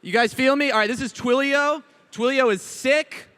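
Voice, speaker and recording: A man emceeing a hackathon, hyping up each sponsor in a loud, slangy way. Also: extremely high pitch, normal speed, clean tone. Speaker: event emcee introducing sponsors. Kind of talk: hype emcee introductions.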